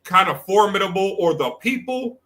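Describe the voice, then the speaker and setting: Male streamer, cussing trash-talker, bright cutting tone, repeats his points. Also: high-pitched, animated, normal speed. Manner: profane, blunt trash talk; rambling, repeats himself. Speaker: livestream host. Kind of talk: unscripted stream commentary.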